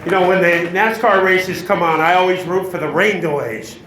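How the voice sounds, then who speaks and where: A man's voice: sits high, normal speed, a bit bright, slight background noise. A man hosting an awards ceremony, joking as he introduces the next speaker. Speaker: master of ceremonies. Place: banquet hall. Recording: echoey hall.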